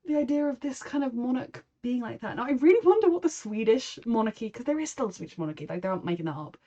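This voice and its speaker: An English woman gives casual reaction commentary on a show, emotional and rambling, dropping into mock voices to quote people. Her voice is a little high, animated, fast and mellow, though the audio is dull.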